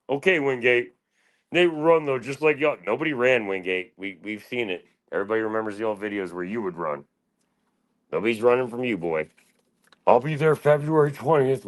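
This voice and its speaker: A man hosting a livestream, taunting and cursing at a rival in heated, profane banter. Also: medium pitch. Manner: taunting, profane trash talk. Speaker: livestream host.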